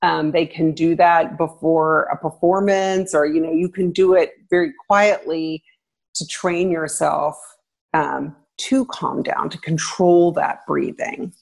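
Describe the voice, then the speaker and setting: Husky middle-aged woman giving parenting advice. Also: low-pitched, slow. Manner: animated, acts out parents and kids in a raised voice. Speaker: parenting guest expert, former teacher. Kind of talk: conversational advice interview.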